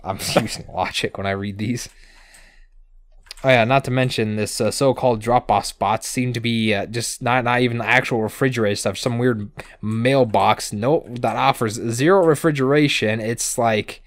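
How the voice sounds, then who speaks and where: A man's voice: mid-range voice, fairly even intonation, dry recording. Sarcastic man recapping a cartoon, dry sound. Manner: sarcastic, swears casually, acts out characters in quick asides. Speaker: podcast co-host recapping episodes. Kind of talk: casual comedic recap chat.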